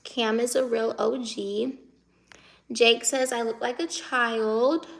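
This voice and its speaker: Slow-talking young woman with vocal fry. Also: fairly high pitch, a bit bright. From United States. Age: 20s. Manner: chatty, answers comments as they come in, laughs often. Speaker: live-stream host. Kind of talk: casual live-stream chat, reading viewer comments.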